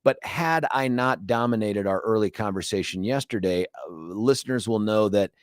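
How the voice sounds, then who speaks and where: Man, 50s, radio talk show host, studio mic, dry sound, animated storyteller. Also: lowish voice, normal speed, dry recording. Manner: lively storyteller, rambling with restarts. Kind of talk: casual talk radio chat. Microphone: studio microphone.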